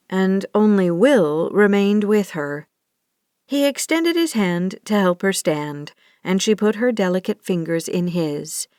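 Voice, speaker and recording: A woman reads an audiobook romance at a slow, measured pace. Her voice is even and steady. The recording is close and dry, with no room sound. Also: mid-range voice, smooth, no echo. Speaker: audiobook narrator. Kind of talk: scripted narration.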